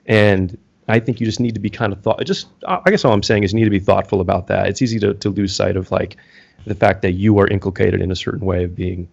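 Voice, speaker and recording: A man's voice: fairly low pitch, quick pace, creaky, a little mellow. A man co-hosting a podcast in casual chat, reflective and often searching for his words. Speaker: podcast co-host. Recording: slightly dull lo-fi audio.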